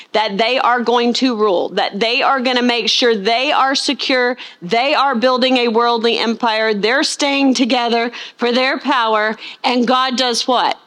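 A woman preaching with a voice pitched a little above most women's. She leans hard on key words and keeps asking the congregation questions, pausing for them to answer before she presses on. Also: a bit bright. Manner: asks the congregation rhetorical questions; acts out scenes in funny voices. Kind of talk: sermon.

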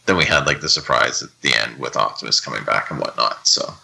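A Canadian man hosting a podcast, chatting casually and reading out news in a relaxed, rambling way with many fillers. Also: extremely low pitch, fast, vocal fry, husky, rough recording. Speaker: podcast host.

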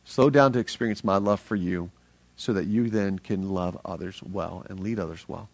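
A middle-aged man preaching a sermon as a pastor, energetic and earnest, speaking conversationally with frequent restarts. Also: deep voice, normal speed, vocal fry, no room sound.

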